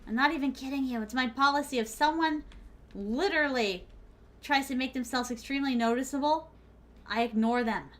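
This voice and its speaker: A woman's voice: sits high, a little fast, a bit bright. A young woman from the American South with a Southern accent, streaming a game and commenting live in a playful, teasing way, calling viewers by pet names. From Southern United States.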